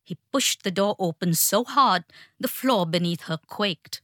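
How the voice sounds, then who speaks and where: Slow, hushed woman narrating a story. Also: medium pitch, expressive, no room sound, clean studio sound.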